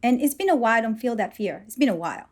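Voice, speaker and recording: Woman, fairly high voice, reflective, storytelling, casual conversation. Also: animated, rapid-fire, darkish tone. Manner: reflective, storytelling, acts out dialogue. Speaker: guest. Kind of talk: conversational interview.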